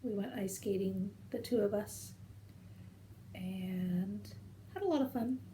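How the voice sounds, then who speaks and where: A woman's voice: medium pitch, slow, mellow, a little hiss or hum. A woman in her thirties chatting casually at home as the host of a knitting video show, rambling from one story to the next. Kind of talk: casual chat to camera.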